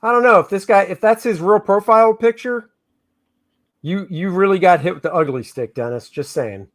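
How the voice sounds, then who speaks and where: A middle-aged man talks casually on a livestream, his voice sitting a little high. He jokes with his co-host and reads out viewer comments as they come in. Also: moderate pace. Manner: joking, reads chat comments aloud. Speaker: comic artist hosting a livestream.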